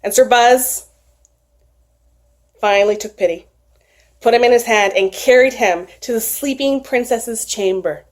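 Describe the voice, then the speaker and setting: A woman retelling a folktale aloud in an expressive, animated storytelling manner. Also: a little high, unhurried, long pauses.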